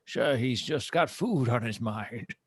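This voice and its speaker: A man's voice: mid-range voice, lively intonation, takes it slowly, husky, no echo. A man playing a polite, mild old adventurer who talks in a formal, apologetic way.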